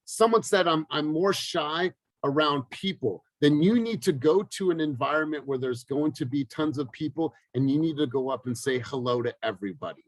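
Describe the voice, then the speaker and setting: A man's voice: a little high, fairly quick, few pauses, no room sound, low-quality recording. Emphatic motivational coach, man. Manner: energetic, emphatic, repeats phrases for effect. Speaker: real estate team coach. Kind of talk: motivational team talk.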